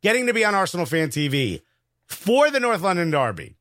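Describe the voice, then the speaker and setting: A man with a New York accent, a comedian co-hosting a podcast and telling an excited, slangy story in casual chat. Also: high voice, brisk, no echo, clean studio sound.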